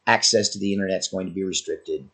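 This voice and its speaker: A man's voice: sits low, fast, vocal fry, fairly bright tone. A man with a sore throat giving an earnest, warning commentary monologue as a channel host. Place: Oklahoma, US.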